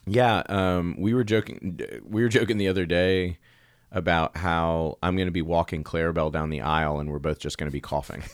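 A man's voice: low voice, steady tone, brisk, smooth, no room sound, clean studio sound. A man co-hosting a church podcast, a pastor chatting casually in an easygoing, joking, rambling way. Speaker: podcast co-host and care pastor. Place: church recording space.

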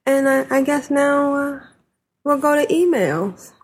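A chatty woman hosts a relaxed podcast, her voice sitting a little higher than most. She rambles through fillers and breaks into giggles as she talks. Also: a little slow, over music. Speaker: podcast host. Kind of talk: casual chat.

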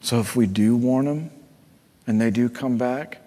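A man's voice: medium pitch, unhurried. Earnest male preacher in a reverberant hall. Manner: earnest, swings from hushed to fervent. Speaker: pastor. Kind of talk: sermon.

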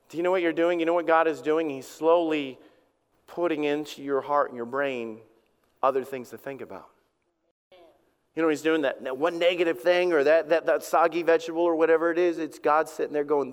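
A man's voice: on the high side, steady tone, a little fast, smooth, big-room sound. A man, a lead pastor, preaching a sermon in a conversational way, with repeated words and acted-out dialogue.

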